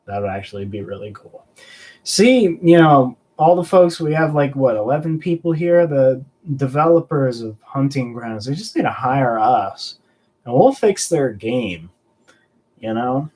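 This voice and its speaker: Man, live-stream host, casual chat, jokey, rambling, mid pitch. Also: expressive, unhurried, darkish tone.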